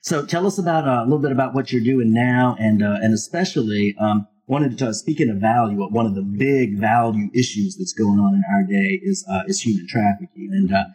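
A man's voice: medium pitch, expressive, brisk, few pauses, darkish tone, slightly rough. A man hosting an interview, listening supportively and then asking the guest about his work. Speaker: host. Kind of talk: interview talk.

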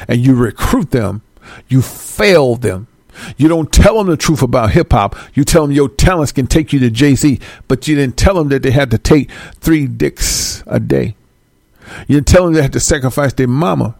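A man's voice: mid-range voice, vocal fry, a little mellow, no room sound, clean studio sound. A man preaching in a blunt, profane and scolding way, stopping to read scripture aloud and repeating words for stress. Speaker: religious teacher. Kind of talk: street-style preaching with scripture reading.

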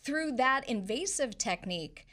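A woman's voice: sits high, lively intonation, a little slow, fairly bright tone. A woman hosting a program, interviewing a guest and emphatically cutting in with facts and figures. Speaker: radio program host.

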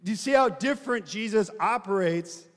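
High-voiced preacher in an echoey hall. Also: male voice, brisk. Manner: conversational, asks the congregation questions. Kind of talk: sermon.

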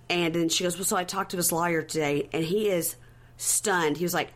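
A woman's voice: on the low side, fairly quick. A woman co-hosting a podcast, retelling scenes casually and acting out the quotes. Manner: animated retelling with acted-out quotes. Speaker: podcast co-host. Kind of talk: casual recap chat.

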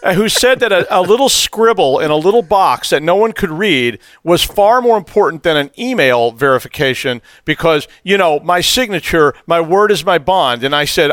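A man in a casual panel discussion, telling stories in a joking, animated way. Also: a little high, a little fast, few pauses, no room sound.

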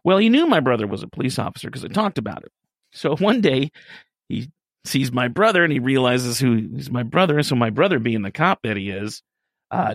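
A man on a radio talk show spins a casual story into a studio microphone. His voice has a gravelly, creaky grain and swings widely in pitch as he gets animated. The sound is close and dry. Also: dry recording. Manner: animated, laughs through his own story.

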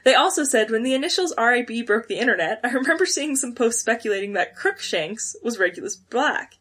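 Woman cohost, kinda breathy voice, talks fast and excited, reading comments out. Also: on the high side. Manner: quick, excitable, laughs often. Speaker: podcast co-host. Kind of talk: casual chat, reading listener comments aloud.

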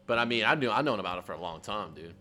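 A man's voice: on the low side, lively intonation, very fast, pushed and bright, slight background noise. A middle-aged man co-hosting a podcast, chatting casually, laughing often and rambling. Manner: laughs often, rambling, says dude a lot. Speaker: podcast co-host. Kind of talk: casual chat.

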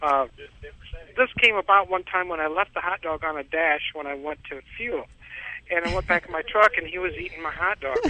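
A man's voice: high-pitched, sing-song, moderate pace, pushed and bright, no room sound. A man calling in to a show, telling a story in a rambling way and repeating his words. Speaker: caller. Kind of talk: casual phone-in storytelling. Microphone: telephone. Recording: tinny phone line, dry.

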